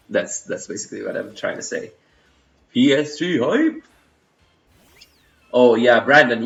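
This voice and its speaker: A man's voice: mid-range voice, a bit bright. A young man with an Indian accent, streaming a game and chatting loosely with his viewers, full of fillers and restarts. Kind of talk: casual live-stream chat. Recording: roomy, slightly dull home stream audio.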